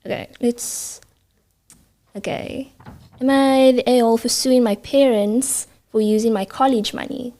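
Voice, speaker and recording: A young woman co-hosting a casual podcast, reading a story aloud in a relaxed way and stumbling now and then. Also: fairly high pitch, measured pace. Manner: relaxed, stumbles over words while reading.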